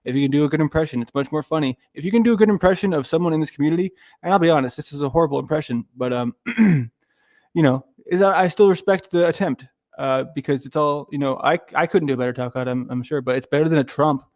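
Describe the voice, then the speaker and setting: A livestream host with a fairly high-pitched, darkish voice talks fast through rambling, profane commentary, often restarting and losing his thread. The recording is clean studio sound without echo.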